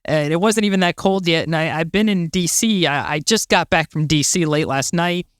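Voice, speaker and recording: A woman's voice: fairly low pitch, moderate pace, no room sound, clean studio sound. Bubbly woman podcast co-host. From Florida. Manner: bubbly, laughs, agrees a lot. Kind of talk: casual chat.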